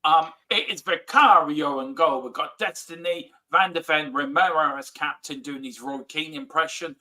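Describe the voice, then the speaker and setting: A man chatting as a football fan on a live watchalong, excitable and cheering the play aloud. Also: on the high side, moderate pace, low-quality recording. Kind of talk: casual watchalong banter.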